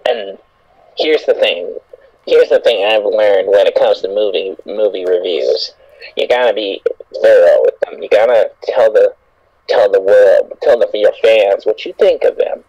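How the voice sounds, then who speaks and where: A man's voice: lowish voice, expressive, unhurried, mellow, breathy edge, dry recording. A man co-hosting a casual podcast chat, rambling and repeating his words. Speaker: podcast co-host. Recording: dull lo-fi sound.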